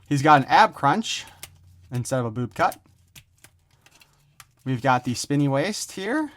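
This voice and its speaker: A man's voice: medium pitch, very animated, measured pace, fairly bright tone. A man giving a casual, rambling toy unboxing review, joking around and swearing offhandedly.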